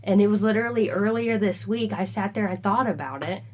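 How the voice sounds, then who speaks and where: A woman co-hosting a podcast, telling a story in a casual, animated way and acting out the dialogue. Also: mid-range voice, fairly quick, a little hiss or hum. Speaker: podcast co-host.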